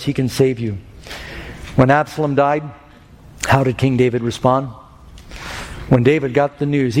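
A male preacher giving an evangelistic sermon, drawing out scripture slowly and climbing into high, loud bursts during dramatic stories. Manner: slows down sharply for scripture and emphasis. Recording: long hall reverb with faint music.

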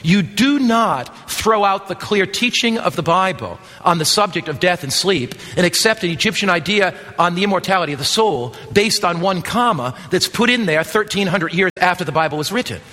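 A man pastor preaching a sermon, building to loud emphatic passages and then dropping back down. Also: high voice, expressive, moderate pace, hardly any pauses. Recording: long hall reverb.

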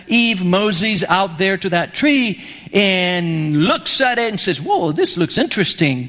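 Animated preacher man, high lively voice. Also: long reverb tail. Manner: animated storytelling, acts out quotes. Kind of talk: sermon.

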